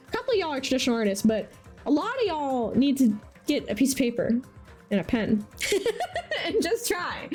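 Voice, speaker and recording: A woman's voice: high voice, darkish tone. A woman hosting a live stream, chatting casually and reacting animatedly to viewers' artwork. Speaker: livestream host showcasing community art.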